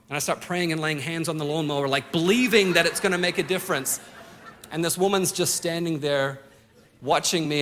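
A man's voice: a little high, a bit bright. A male pastor preaching a sermon, telling a personal story and acting out the lines of the people in it. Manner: storytelling with acted-out quotes.

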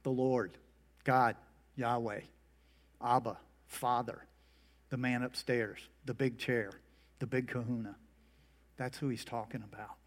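A man's voice: medium pitch, steady tone, unhurried, pauses often. A middle-aged man preaching a sermon, telling folksy stories and jokes. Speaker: pastor. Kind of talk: humorous sermon.

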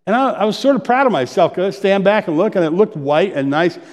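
A man's voice: high voice, animated, fast talker, darkish tone. Chatty male pastor in a reverberant hall. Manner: conversational, with asides and self-deprecating humor. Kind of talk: sermon.

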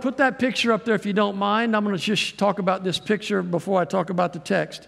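A guest preacher and missionary, middle-aged, preaches in a high, gravelly voice with a fairly bright tone and fairly even intonation, going a little fast and hardly pausing. The sermon is folksy and rambling, full of self-deprecating asides, and the church hall leaves a long reverb.

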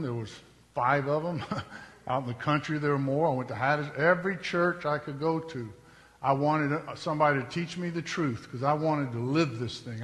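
A man's voice: a little high, fairly bright tone, in a large hall. A man telling his testimony from the pulpit in an earnest, conversational storytelling manner. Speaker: preacher giving his testimony.

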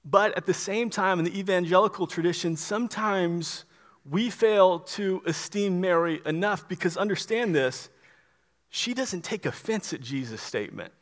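A man preaching a sermon as pastor, earnest and emphatic, often stumbling into quick restarts. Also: high-pitched, expressive.

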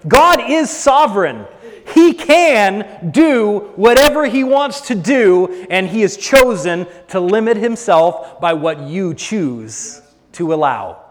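A male pastor preaching a sermon, swinging between hushed lines and loud, drawn-out ones. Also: high-pitched, big pitch swings, long reverb tail.

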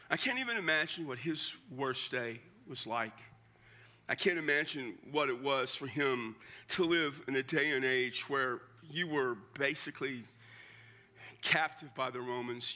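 Older pastor, bright, conversational. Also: male voice, mid-range voice. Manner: conversational, emphatic, drops to a hush at emotional points. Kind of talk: sermon.

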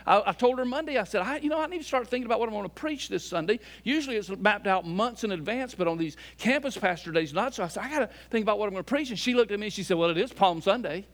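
A man preaching a sermon as a pastor, swinging between loud emphatic lines and soft, low asides. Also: lively intonation, rapid-fire, hardly any pauses. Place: church sanctuary.

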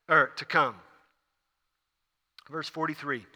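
A male pastor preaching a sermon, telling a Bible story in an animated way and acting out its scenes. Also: a little high, moderate pace. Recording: long reverb of a large hall.

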